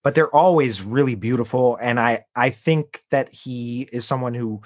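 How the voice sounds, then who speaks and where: A man's voice: medium pitch, normal speed. A man co-hosting a podcast, chatting casually and rambling, with lots of fillers as he searches for words. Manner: rambling, many fillers and restarts. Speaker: podcast co-host. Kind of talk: casual chat.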